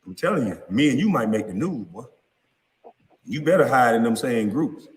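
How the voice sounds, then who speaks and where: A man's voice: mid-range voice, animated, moderate pace. A man in his thirties delivering a heated, profane vlog rant, angry and confrontational as he addresses people directly. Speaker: vlogger. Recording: long reverb.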